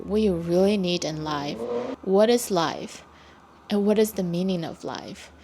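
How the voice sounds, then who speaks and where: Slow, low-voiced reflective woman. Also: darkish tone, a little hiss or hum. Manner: thoughtful, with pauses and restarts. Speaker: video creator. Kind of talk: reflective monologue.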